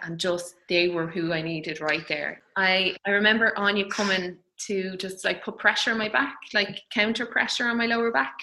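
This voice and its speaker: Woman, thirties, bright forceful voice, tender, halting, lots of fillers. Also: on the low side, poor audio. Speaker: guest. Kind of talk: personal birth story in conversation.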